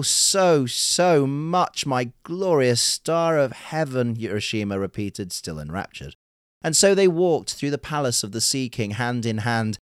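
A man narrating a folktale in a measured, unhurried storytelling manner. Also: medium pitch, clear, resonant tone, no echo, clean studio sound.

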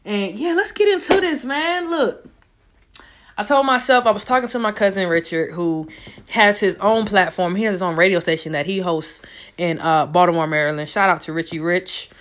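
Speaking at a medium pitch and moderate pace, a young adult podcast host chats casually on her solo show, loose, profane and slang-heavy, like she's at home.

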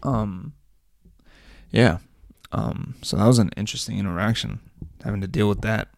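Young man, podcast host, solo rant, crude humor, gravelly, dry room. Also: lowish voice, moderate pace, no room sound. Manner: crude, joking, rambling, laughs at own jokes.

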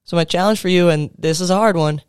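This coach in his thirties is a fast talker with a high, clear, resonant voice, captured in a dry, clean studio recording. His motivational talk to other coaches is earnest and conversational, sprinkled with casual fillers and restarts.

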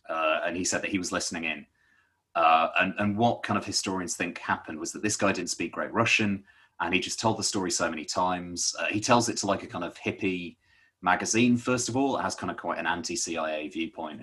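Low husky man, rambling talk. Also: bright, forceful tone. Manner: rambling, many fillers and restarts. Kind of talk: casual conversational explanation.

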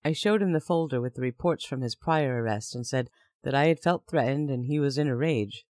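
A man's voice: medium pitch, fairly quick, darkish tone, no echo, clean studio sound. A man narrating a first-person story in a plain, conversational way.

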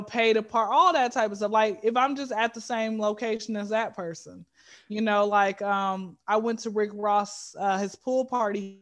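A woman comedian telling stories in an animated, joking way, often jumping into voices. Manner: animated, jumps into high mimicking voices. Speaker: comedian guest. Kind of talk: comedic storytelling.

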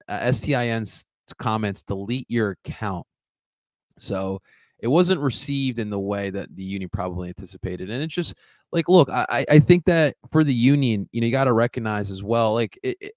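Man, low voice, rambling casual commentary, dry close sound. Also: dry recording. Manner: rambling, many restarts and fillers. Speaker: host of a soccer fan show.

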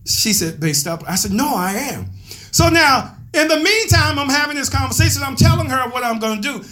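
A man pastor telling a story in a sermon, animated and laughing as he calls out to his members. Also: extremely high pitch, fairly quick, soft background music.

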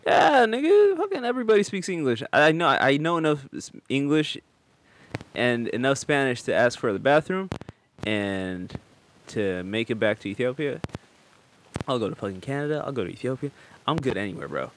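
A man's voice: mid-range voice, expressive, a bit bright, slight background noise. A young man in casual, profane, joking conversation, teasing his co-host. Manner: joking, profane, quick to tease. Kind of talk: casual chat.

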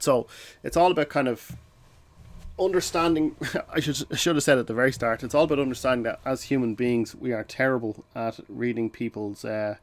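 A man talks through his ideas the way a podcast host does, loose and conversational, doubling back on his words as he goes. His voice sits at an ordinary middle pitch. Now and then he slips into short acted-out exchanges to show a point. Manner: conversational, uses fillers and restarts, acts out short phone exchanges. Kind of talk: casual explanatory podcast talk.

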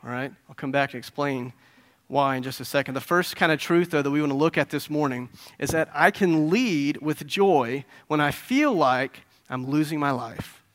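A middle-aged man preaching a sermon in an earnest, conversational way, often checking in with the congregation and rising into louder, higher emphasis. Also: normal speed. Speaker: pastor.

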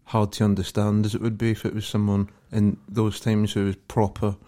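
A man's voice: on the low side, monotone, brisk, mellow. A man on a podcast, rambling and swearing in casual chat. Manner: rambling, sweary, laughs often. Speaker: podcast co-host. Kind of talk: casual banter.

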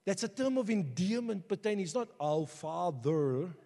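A man preaching a sermon as pastor, passionate and conversational, building to shouts. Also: sits high, lively intonation, quick pace. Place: church hall. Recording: long hall reverb.

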